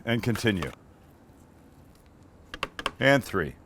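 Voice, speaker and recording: A man hosting a cooking show, walking through a recipe in a relaxed, joking way and bantering with the crew behind the camera. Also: on the low side, takes it slowly, noisy background. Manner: chatty, joking, teases his crew. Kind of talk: casual cooking demonstration.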